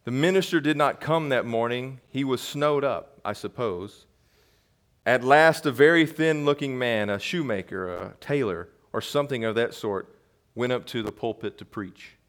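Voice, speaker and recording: A middle-aged man preaching from the pulpit in a mid-pitched voice. He reads the testimony aloud at a measured pace and often rises into loud, emphatic peaks. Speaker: pastor. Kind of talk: sermon reading a quoted testimony.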